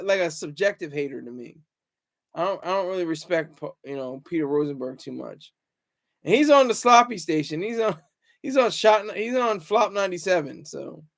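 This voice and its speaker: A man hosting a casual livestream, reading viewer comments aloud and rambling with chuckles and restarts. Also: high-pitched. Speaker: livestream host.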